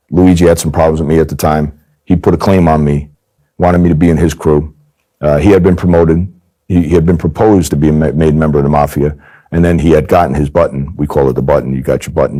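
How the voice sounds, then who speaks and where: A man with a low voice tells his story candidly in an interview. He talks fast and hammers points home by repeating them. His tone is dark and mellow. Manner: emphatic, repeats phrases for stress. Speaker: former undercover agent telling his story.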